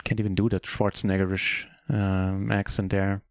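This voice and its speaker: A German man whose first language is German, chatting casually in a relaxed, self-deprecating way while commentating his own poker game on a live stream. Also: low-pitched, normal speed, dry recording, clean studio sound.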